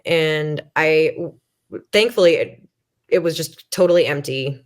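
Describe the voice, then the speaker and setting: A woman in her thirties with a low, deep-set voice tells her story as a podcast guest. She talks candidly and self-deprecatingly, full of "um" and "like" and restarts, and voices her own past thoughts as little quotes. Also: measured pace. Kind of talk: conversational storytelling.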